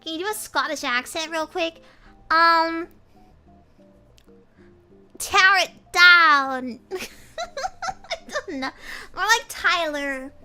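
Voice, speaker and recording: A young woman with a high, bright, sharp voice chats away on a livestream. She rambles and giggles while reading chat aloud, and soft music plays faintly behind her. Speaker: pirate cat vtuber streamer.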